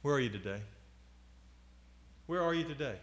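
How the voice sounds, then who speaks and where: A man in his forties preaching a sermon, moving from loud appeals to quiet asides. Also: medium pitch, animated, normal speed. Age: 40s.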